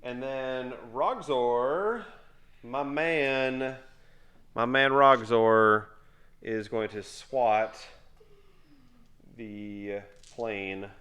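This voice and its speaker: Middle-aged man, unhurried, mid-pitched, casual tabletop game play, mutters his dice counts. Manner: counts dice and moves aloud in a quiet mutter. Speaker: father playing a tabletop game with his son.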